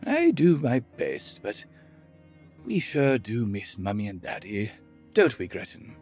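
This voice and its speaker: A man voicing a bitter old male dwarf grandfather who talks stern and hissing, with a husky voice in a storybook reading. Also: on the low side, huge pitch swings, slow, darkish tone, soft background music, exaggerated voice. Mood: mocking.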